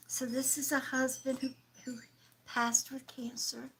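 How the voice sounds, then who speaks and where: A woman leads a live-stream spiritual reading in an unhurried, drawn-out way. Her voice sits a little high and stays gentle and affectionate, calling listeners sweetheart and slipping into whispers. A faint hiss runs under her speech. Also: level tone, low-quality recording. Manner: soft, affectionate, calls viewers sweetheart, drops into whispers. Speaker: psychic medium and livestream host.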